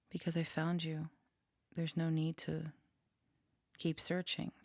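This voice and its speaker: Low, gravelly-voiced woman, slow and soft. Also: completely flat delivery, no echo, studio quality. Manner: soft, unhurried, reflective, often drops to a whisper. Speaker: channeler and tarot reader. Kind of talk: casual chat with channeled messages.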